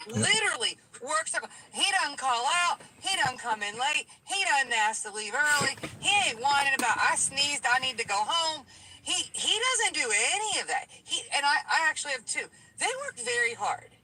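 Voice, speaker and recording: Woman caller, late 40s, high lively voice, emphatic storyteller. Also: moderate pace, few pauses, slight background noise, poor audio. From Tennessee. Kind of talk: call-in show conversation.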